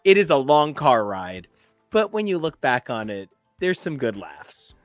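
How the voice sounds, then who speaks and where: A man's voice: mid-range voice, big pitch swings, a little slow, no room sound, studio quality, soft background music. A man co-hosting a podcast, joking and chatting casually as he reviews episodes. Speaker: podcast co-host. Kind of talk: casual chat.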